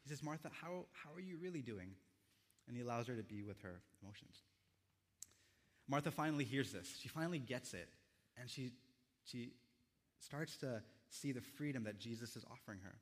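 A young man preaching a sermon as a pastor, in a gentle, reflective storytelling manner with quiet pauses. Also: mid-range voice, big-room sound.

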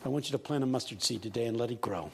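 An eighty-year-old man preaching a sermon in a large church, telling stories with humor and building to shouted peaks. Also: mid-range voice, rapid-fire, gravelly, a little hiss or hum. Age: 80s. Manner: rising to shouted call-and-response peaks.

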